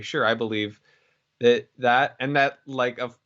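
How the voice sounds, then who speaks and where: A man's voice: medium pitch, little pitch movement, normal speed, fairly bright tone. A man co-hosting a podcast in casual chat, wry, playful and thoughtful. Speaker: podcast co-host. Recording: dull lo-fi sound.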